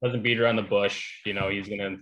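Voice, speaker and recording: A young man talking as a podcast guest in casual chat, relaxed and rambling with many fillers and restarts. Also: lowish voice, a little fast, muffled recording. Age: young adult. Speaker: podcast guest, pro hockey player.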